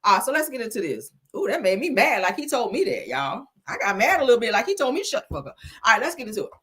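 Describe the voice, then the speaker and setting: A woman hosting a reality-TV gossip channel, telling the story in a sassy, profane, animated way. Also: fairly high pitch, fast talker, slightly rough. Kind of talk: casual reality-TV gossip commentary.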